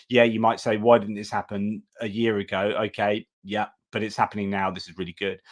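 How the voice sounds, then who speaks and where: A man hosting a live-stream news update, reading items aloud with frequent fillers, restarts and chatty asides. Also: lowish voice. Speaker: host.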